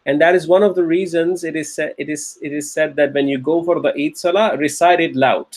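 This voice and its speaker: A man's voice: fairly high pitch, steady tone, fairly quick. A man teaching a recorded Arabic grammar lecture, patiently repeating key phrases and often checking with "okay?".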